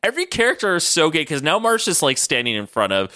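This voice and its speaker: A man chatting casually as a podcast co-host, his voice bright and swinging widely in pitch. He laughs often and swears freely. The recording is dry and close. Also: huge pitch swings, quick pace, smooth, dry recording. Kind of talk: casual chat.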